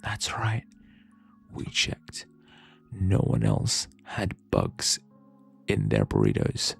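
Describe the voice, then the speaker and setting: In a whispered role-play, a man voices a menacing school principal who growls his threats in a scary little whisper. The voice is deep, heavily gravelly and husky, and it drags along very slowly. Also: very animated, faint music behind, heavily acted.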